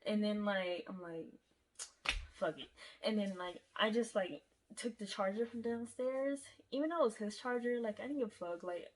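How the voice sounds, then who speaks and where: A woman's voice: mid-range voice, normal speed, a little hiss or hum. A young woman casually telling a storytime to her viewers, chatty and profane, often calling them y'all.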